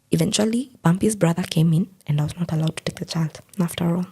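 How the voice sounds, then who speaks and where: A woman's voice: fairly low pitch, quick pace, hardly any pauses, warm tone, breathy edge. A young woman earnestly recounting a painful personal story, quoting what others said to her. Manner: earnest, quotes others' words as she tells it. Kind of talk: personal account in an interview.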